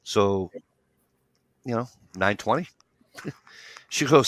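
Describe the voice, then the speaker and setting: A man's voice: fairly low pitch, normal speed, long pauses, dry recording. A man telling long stories in casual chat, acting out each side of the conversation and swearing freely. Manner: animated storyteller acting out dialogue, swears freely. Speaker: show regular.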